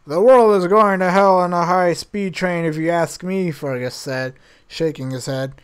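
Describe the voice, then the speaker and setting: A man's voice: sits high, fairly even intonation, normal speed, smooth. Man reading a novel aloud with wry asides. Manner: wry, laughs at the text, chatty asides. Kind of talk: casual read-aloud with joking asides.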